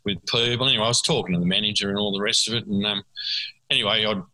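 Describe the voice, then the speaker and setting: A man's voice: lowish voice, steady tone, rapid-fire, bright, forceful tone, low-quality recording. An Australian man telling rambling anecdotes in casual chat, often repeating words as he goes. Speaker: guest storyteller.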